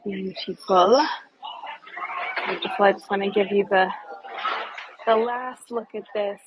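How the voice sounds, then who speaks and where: Her mid-range voice holds a steady tone at normal speed over a rough recording with slight background noise. This woman, a tour guide and travel vlogger, is chatty and enthusiastic on a casual live walking tour outdoors in a small hillside village, frequently asking viewers questions.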